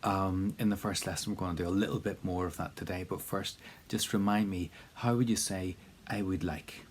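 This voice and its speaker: A man's voice: low-pitched, fairly even intonation, normal speed, a little hiss or hum. A man teaching a spoken language lesson in a casual, encouraging way, with plenty of fillers and repeated drill prompts.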